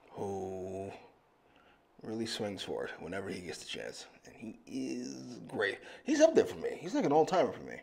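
Guy doing a movie reaction, voice bounces all over, laughs a lot, loose and rambly. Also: fairly low pitch. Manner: swears freely. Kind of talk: casual movie reaction chat.

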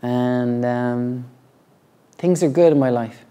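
A middle-aged man, a yoga teacher, talking reflectively and earnestly about his practice, halting often and restarting his sentences. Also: medium pitch, mellow, clear, resonant tone, highs cut off. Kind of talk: reflective personal talk.

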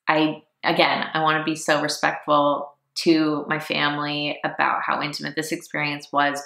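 A chatty woman vlogger in her thirties recorded at home on a camera mic. Her low voice has a bright, gravelly edge, and the room around her is noticeably echoey. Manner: chatty, laughing, emotional, with lots of fillers. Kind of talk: casual personal storytelling.

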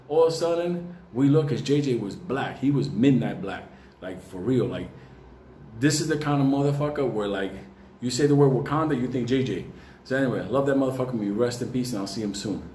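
A man's voice: mid-range voice, warm tone. Man, profane casual storytelling, laughs a lot, roomy echo, faint background noise. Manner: swears heavily, laughs often. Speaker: market commentator telling a story. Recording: echoey room, faint ambient noise.

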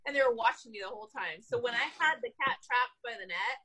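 A woman, an animal control officer, telling a story from her work in an animated, casual way, laughing often. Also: a little high, fast, breathy edge, rough recording.

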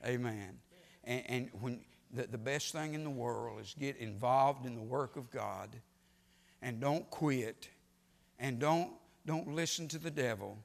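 A man preaching a sermon in a church, swinging from quiet storytelling to sudden loud, emphatic rises. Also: mid-range voice, measured pace, vocal fry. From United States. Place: church sanctuary. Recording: long church reverb.

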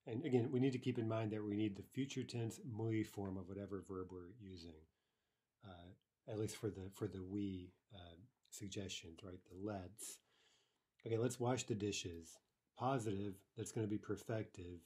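A man's voice: on the low side, fairly even intonation, moderate pace, dark tone, slightly rough. A man teaching a language lesson, patiently explaining grammar and repeating each example aloud.

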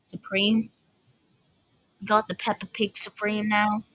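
A woman doing casual reaction commentary, breaking into quick incredulous outbursts. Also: medium pitch, flat delivery, fairly bright tone, no room sound, rough recording. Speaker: video reactor.

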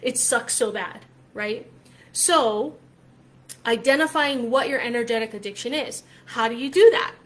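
A woman's voice: a little high, unhurried. Chatty, emphatic woman coach. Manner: chatty, emphatic, often asks "right?", swears freely. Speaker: spiritual coach. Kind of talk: casual talk to camera.

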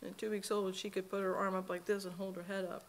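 A woman's voice: mid-range voice, level tone, fast talker. A middle-aged woman speaks at her daughter's memorial in a church. She tells homespun stories in an earnest, folksy way, quoting the people in them. A faint hum of the room sits behind her. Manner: earnest, folksy storytelling with quoted dialogue. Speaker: mother speaking at a memorial service. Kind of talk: personal eulogy storytelling. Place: church sanctuary.

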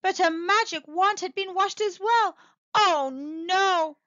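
A woman telling a children's story aloud, with a sing-song, expressive delivery, in a slightly muffled, dry recording. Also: extremely high pitch, moderate pace, dry recording. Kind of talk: children's read-aloud narration.

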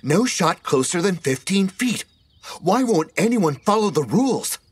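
A woman's voice: big pitch swings, a little slow, breathy edge, exaggerated voice. A man voicing an older woman who shrieks frantically about the rules, in an audiobook. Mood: frantic. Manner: shrieking, high-pitched.

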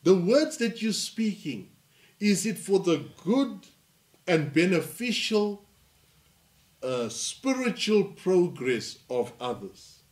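A male pastor from South Africa preaching a sermon, reading scripture slowly and then rising to emphatic delivery. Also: sits high, very animated, darkish tone.

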